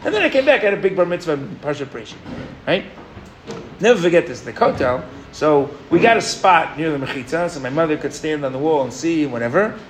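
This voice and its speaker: A man from New York gives a storytelling sermon in a fairly high voice, keeping his audience with him through frequent questions. A faint noise sits under his voice, with some clicks. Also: fast talker. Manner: storytelling, animated, engages the audience with "right?". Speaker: rabbi. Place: rooftop gathering.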